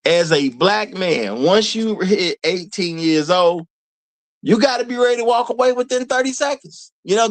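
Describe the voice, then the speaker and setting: Animated man on live commentary. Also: sits high, no room sound, rough recording. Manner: animated, repeats lines for emphasis, addresses viewers as y'all. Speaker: host of a live commentary show.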